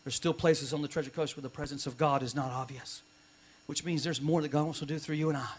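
A man delivers a sermon from the pulpit of a church. His voice sits a little high for a man, and he mixes rousing calls to the congregation with joking asides. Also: fairly even intonation, fast, husky. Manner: preaching with call-and-response and humorous asides. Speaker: pastor. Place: church sanctuary.

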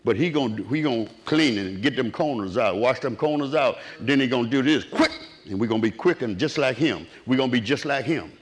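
A man preaching a sermon, swinging from low, quiet murmurs up to raised cries. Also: lively intonation, a little fast, few pauses.

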